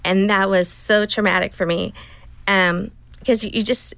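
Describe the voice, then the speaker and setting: Speaking at normal speed with fairly even intonation, this middle-aged guest has a medium-pitched, smooth voice with vocal fry and a fairly bright tone. In a casual interview she earnestly and emotionally recounts a personal story, voicing the things she told herself. The recording is dry.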